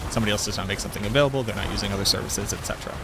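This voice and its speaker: Low-voiced rambling gaming streamer man. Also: very fast, background noise. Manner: rambling and talkative, self-correcting. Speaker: game streamer. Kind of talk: casual chat while gaming.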